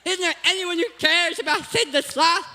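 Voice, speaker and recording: A lonely, whiny male cartoon sloth, put on by a man, pleads to be loved in a squeaky, lisping voice pushed far above the speaker's own. He sounds sorry for himself and begs for attention. The sound carries a long hall echo. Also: steady tone, normal speed, pushed and bright, exaggerated voice.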